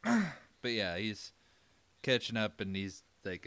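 A man's voice: lowish voice, big pitch swings, measured pace, long pauses, a bit bright, smooth. A man co-hosting a casual podcast, recapping a film with dry, wry jokes. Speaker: podcast co-host. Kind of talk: casual movie recap chat.

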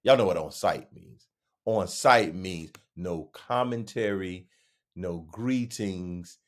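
A man in his thirties with a drawl hosts his own show, talking to listeners alone. His voice sits low and moves at an unhurried pace. He slips in self-mocking jokes, then lifts into bursts of emphatic encouragement. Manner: musing, self-deprecating, joking asides; slow, drawn-out phrasing with sudden emphatic rises. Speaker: podcast host. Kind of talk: reflective solo monologue.

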